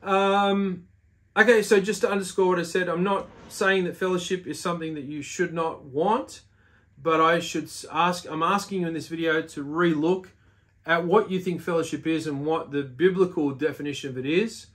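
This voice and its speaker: Earnest man, slightly high-pitched. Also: fairly even intonation, moderate pace, a bit bright. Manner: earnest and exhorting, with frequent filler "uh"s. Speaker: religious video host. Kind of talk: casual religious teaching monologue.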